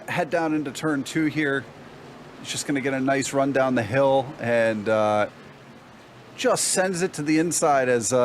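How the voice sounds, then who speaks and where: A man giving relaxed, explanatory color commentary on a sim race, breaking down passes and racing lines. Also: mid-range voice. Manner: relaxed, explanatory analysis with fillers. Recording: noticeable background noise.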